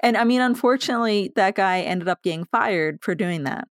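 A woman who is a podcast guest, telling personal stories candidly, animated and laughing between lines. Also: mid-range voice, brisk, dry recording, studio quality. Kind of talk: candid conversational storytelling.

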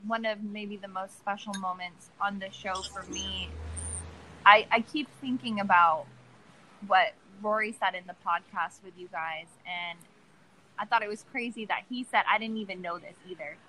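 A woman's voice: mid-range voice, moderate pace, sharp tone, low-quality recording. Young female guest, sincere and reflective, mid-range voice, slight background hiss. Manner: earnest, reflective. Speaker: podcast guest. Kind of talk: casual chat.

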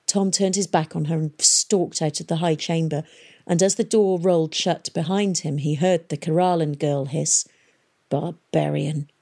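A woman reading an audiobook with an even storytelling delivery. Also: deep voice, normal speed. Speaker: audiobook reader. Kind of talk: scripted narration.

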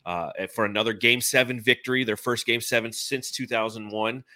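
A man's voice: medium pitch, fairly even intonation, fairly quick, pushed and bright, no room sound, studio quality. A man in his forties hosting a casual sports podcast, enthusiastic and rambling. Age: 40s. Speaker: podcast host.

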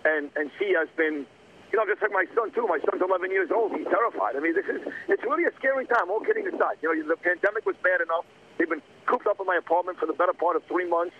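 A middle-aged man calling into a talk radio show by phone from a windy street, ranting in a rapid, heated, rambling way. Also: sits high, expressive. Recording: muffled phone line.

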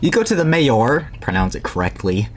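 A man runs a tabletop game, describing rooms and characters. His voice rises and falls with wide, animated swings in pitch, and the register sits in the middle. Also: moderate pace. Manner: animated storytelling with sudden pitch leaps. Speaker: game master.

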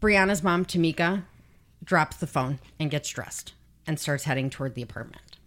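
A woman's voice: deep voice, normal speed. A woman hosting a podcast, telling a true crime story casually, blunt and swearing freely as she reads out quotes. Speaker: podcast host.

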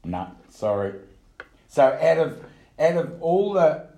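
A man's voice: on the high side, slow, vocal fry. A man with an Australian accent, co-hosting a casual chat show and teasing his partner. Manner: animated, teasing, mock-indignant. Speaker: co-host. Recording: roomy echo.

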